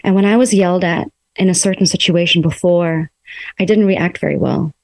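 A woman coaching listeners through emotions in a gentle, coaxing self-help talk, speaking her self-talk aloud from a room in her home. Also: fairly low pitch, brisk, vocal fry, dry recording.

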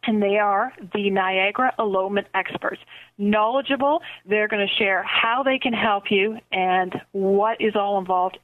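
A middle-aged woman with a Canadian accent hosting a radio show, talking to listeners in an enthusiastic, gushing way. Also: medium pitch. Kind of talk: upbeat radio chat with promotions. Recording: phone-line quality audio.

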